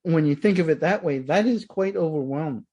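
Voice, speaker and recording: A man hosting a podcast interview, explaining things hesitantly and with many pauses. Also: fairly high pitch, mellow, breathy edge. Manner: hesitant, lots of uh fillers when explaining. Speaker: podcast host. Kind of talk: casual interview chat.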